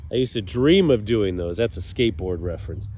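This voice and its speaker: Outdoors on a mat laid over grass, a man in his fifties coaches a guided morning stretching session, talking through each movement while doing it, with slight background noise. His lowish, darkish voice is animated and brisk, upbeat and full of jokes, though slightly stuffy, with occasional throat-clearing.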